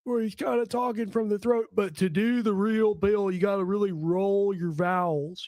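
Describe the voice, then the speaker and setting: A man hosting a casual political commentary stream, joking and rambling, his voice a little hoarse. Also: sits high, fairly even intonation, normal speed, few pauses, a little mellow, dry recording. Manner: joking, rambling, does comic impressions. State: slightly hoarse. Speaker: stream host.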